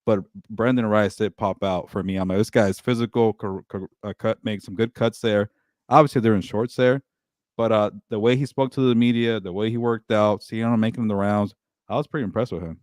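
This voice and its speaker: A man co-hosting a sports podcast in casual chat, excitable, repeating words and laughing often. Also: on the low side, brisk, no echo, clean studio sound.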